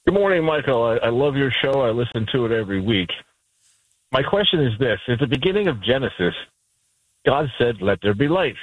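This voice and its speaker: A man phones in to a radio show and politely lays out his question. His voice is mid-pitched and dry, coming through a phone line. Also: lively intonation, a little fast, dry recording. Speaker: caller.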